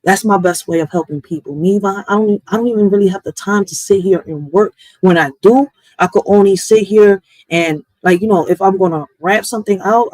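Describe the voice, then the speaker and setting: A blunt woman podcaster rants straight into the mic, cursing freely and leaning on street slang. Her voice sits at an ordinary middle pitch. The sound is dry and close, with no room around it. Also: darkish tone, no room sound, low-quality recording. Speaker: podcast host. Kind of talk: casual ranting monologue.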